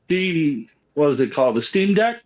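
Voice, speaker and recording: A man's voice: a little high, big pitch swings, normal speed, darkish tone. Hesitant man on a dull call line. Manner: hesitant, lots of ums. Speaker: caller. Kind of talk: casual call-in chat.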